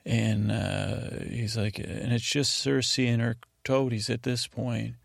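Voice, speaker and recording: A man hosting a sleep podcast, recapping a TV episode in a meandering, hesitant way, often breaking into quick impressions of the characters. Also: mid-range voice, little pitch movement, vocal fry, no echo, clean studio sound. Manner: meandering, hesitant, acts out scenes in quick voices. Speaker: podcast host.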